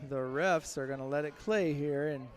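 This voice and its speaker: A man doing chatty commentary at a high school football game, laughing often. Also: normal speed. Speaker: play-by-play commentator.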